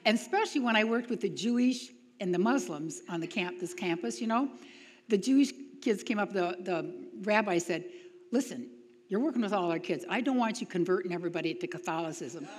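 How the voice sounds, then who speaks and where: Lively woman telling stories in a hall. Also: mid-range voice, a little fast. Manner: animated, acts out quoted voices, laughs often. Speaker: speaker at a retreat. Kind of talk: storytelling talk to an audience. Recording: long hall reverb.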